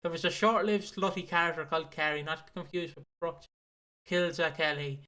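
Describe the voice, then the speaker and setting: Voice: medium pitch, a little fast, bright, forceful tone, rough recording. A podcast co-host, reading listener comments aloud in a chatty way, with laughing and swearing. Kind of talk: casual podcast chat.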